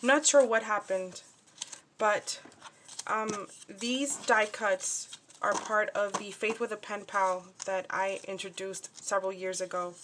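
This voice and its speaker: A woman with a mid-range voice talks through a craft project in a loose, rambling way, full of fillers and false starts. Faint clicking sounds sit quietly behind her. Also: medium pitch, steady tone, unhurried, slight background noise. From New Jersey, USA. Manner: chatty, scattered, many fillers and restarts. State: upset and shaken. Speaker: crafting vlogger. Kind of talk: casual crafting show-and-tell.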